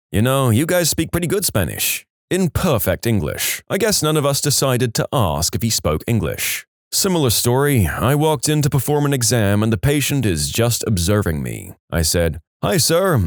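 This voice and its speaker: A man narrating funny stories as a podcast host, in a wry, deadpan manner with dry comic asides. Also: mid-range voice, no echo. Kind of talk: scripted storytelling narration.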